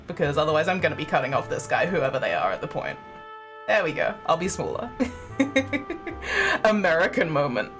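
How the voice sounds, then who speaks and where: A young woman streaming a game, chatty and self-deprecating, breaking into giggles between remarks. Her pitch bounces widely as she talks, and faint game music plays underneath. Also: a bit bright. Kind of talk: casual live-stream chat.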